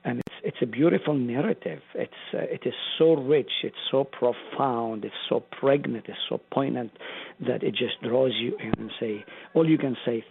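A man's voice: medium pitch, moderate pace, vocal fry. A pastor, a man, teaching a Bible study in an earnest, emphatic preaching manner. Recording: tinny phone line.

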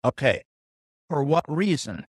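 A man teaching through a Bible passage verse by verse, deliberate and pausing, repeating key phrases for emphasis. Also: medium pitch, big pitch swings, no echo, studio quality. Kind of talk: slow expository Bible teaching.

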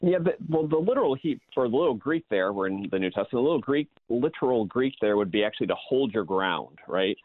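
Pastor on a tinny phone-like line. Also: male voice, medium pitch, lively intonation, quick pace, hardly any pauses. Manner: earnest, explanatory, many fillers. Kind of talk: casual Bible study discussion.

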